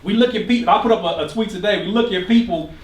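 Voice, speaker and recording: A man giving an energetic, preachy motivational talk to a live audience, quizzing the crowd and joking along the way. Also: sits high, fast talker. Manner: energetic, preachy, questions the crowd, jokes and laughs. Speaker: motivational speaker at a producer workshop. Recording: roomy hall, speaker far from the mic.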